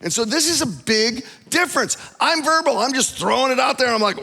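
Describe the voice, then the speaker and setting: High bright-voiced guy preaching, animated stories, big echoey church hall. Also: brisk, vocal fry, hardly any pauses. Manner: animated storytelling, acts out quoted voices. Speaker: pastor. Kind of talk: sermon with personal stories. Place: church auditorium. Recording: long hall reverb.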